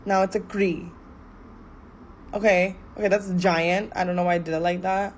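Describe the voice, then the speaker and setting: A woman's voice: fairly low pitch, little pitch movement, moderate pace, slight background noise. A young woman giving a casual, playful lesson, joking and swearing as she writes letters for her phone camera. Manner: playful, swearing, switching between English and Bangla. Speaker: language teacher.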